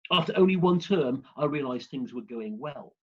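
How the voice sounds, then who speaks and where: A man giving a humorous prepared speech over a video call, in a dry, wry, deadpan way. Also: mid-range voice, moderate pace, highs cut off. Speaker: club speaker.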